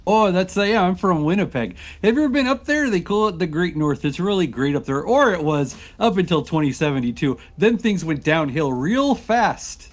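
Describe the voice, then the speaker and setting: A man's voice: high-pitched, lively intonation. A man playing a cheerful, folksy Canadian tourist from Winnipeg in a tabletop game. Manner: folksy, upbeat, quick to joke. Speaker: player.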